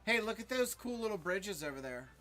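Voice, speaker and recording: A man's voice: high-pitched, very animated, a little fast, sharp tone. A man playing a game on a casual stream, joking around and laughing often. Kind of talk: casual gaming stream chat.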